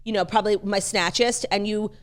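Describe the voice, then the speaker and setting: A pregnant woman co-hosting a casual chat podcast, animated, laughing often and swearing casually. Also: medium pitch, fairly quick. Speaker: podcast co-host.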